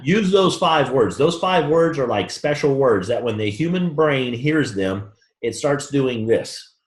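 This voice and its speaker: A man's voice: medium pitch, unhurried. A man giving a motivational sales training talk to a room, acting out both sides of the conversations he tells about. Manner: animated storytelling, acts out both sides of conversations. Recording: roomy echo.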